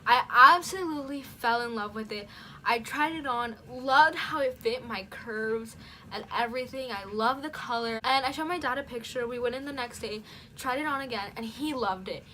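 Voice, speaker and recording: A teenage girl chats straight to camera in a storytime vlog. Her voice is bright and sits a little high, and she throws herself into the retelling with lots of "like." A faint hiss runs under the recording. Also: normal speed. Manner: animated, dramatic retelling with lots of "like". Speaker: YouTuber.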